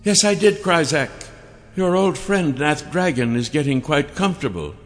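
A man playing a haughty high priestess queen. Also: animated, normal speed, natural voice. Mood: mocking. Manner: silky, mocking, condescending. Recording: long reverb with faint music.

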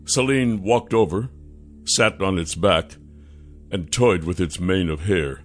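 A man narrating a fantasy audiobook in a measured storytelling manner. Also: sits low, faint music behind.

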